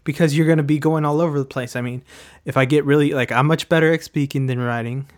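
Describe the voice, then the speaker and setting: A man's voice: fairly high pitch, steady tone, fast talker. A man in casual chat, speaking hesitantly with frequent restarts and fillers. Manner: hesitant, many restarts and "you know".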